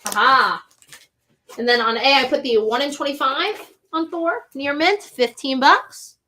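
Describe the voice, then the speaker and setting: A woman hosting a live comic book sales show, running through items and prices in a brisk, chatty way from a comic shop. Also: sits high, pushed and bright. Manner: brisk, chatty item rundown.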